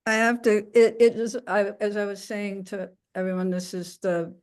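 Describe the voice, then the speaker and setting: A woman poet reading her own poem aloud at a poetry reading, halting in the introduction and lilting in the recitation. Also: medium pitch, steady tone, a little mellow, smooth.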